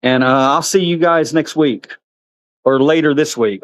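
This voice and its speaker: Filming a handheld vlog outside at an animal park, this man keeps up a chatty, casual stream of talk and switches to a high sing-song when addressing the animals. He speaks unhurriedly, and the recording is dry.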